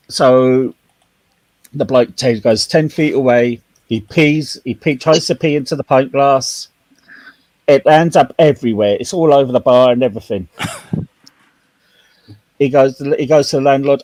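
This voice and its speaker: Man, casual panel talker, joke-teller, mid-pitched voice, dry. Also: steady tone, normal speed, a little mellow, dry recording. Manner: tells long jokes with acted-out dialogue. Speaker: panel participant. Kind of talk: casual chat.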